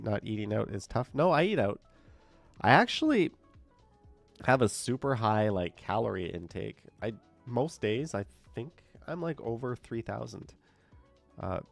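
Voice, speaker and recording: A man talks through a head cold, so his voice comes out nasal and stuffed up. His tone is low and gravelly with a lot of fry. He reads viewer comments aloud and answers them in a loose, chatty live-stream way, with faint music behind him. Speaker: live streamer reading chat. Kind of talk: casual live-stream chat. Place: indoors.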